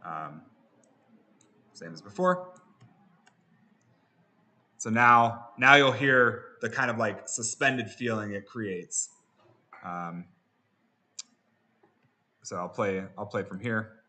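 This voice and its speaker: A man teaching music production software, relaxed, with frequent fillers and restarts. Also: fairly low pitch, slow pace, long pauses. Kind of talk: software tutorial.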